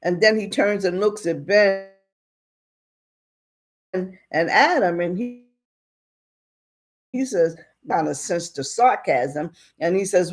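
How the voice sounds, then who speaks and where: A woman's voice: fairly low pitch, slow pace, pauses often. A woman casually retelling a western story in a chatty way, with asides to the listener.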